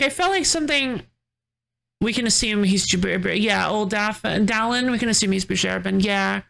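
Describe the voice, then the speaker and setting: Gravelly-voiced woman streaming a game. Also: mid-range voice, fairly bright tone. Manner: musing, curious, thinking aloud. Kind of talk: casual let's-play commentary.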